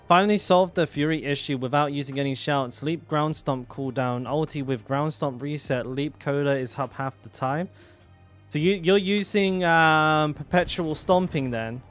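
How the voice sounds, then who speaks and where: A young man chatting casually while streaming a game, rambling with lots of fillers and restarts. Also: mid-range voice. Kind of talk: casual live-stream chat.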